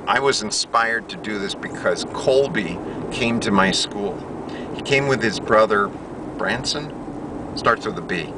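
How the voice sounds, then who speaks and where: An American man with a lowish voice talks through his ideas in a loose, earnest monologue from inside a car. He restarts his sentences as he goes. The mic sits a bit away from him, and loud road and traffic noise runs underneath. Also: distant mic. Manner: earnest, pitching ideas, self-correcting. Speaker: English teacher. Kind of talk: rambling video monologue. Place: inside a car on a city street.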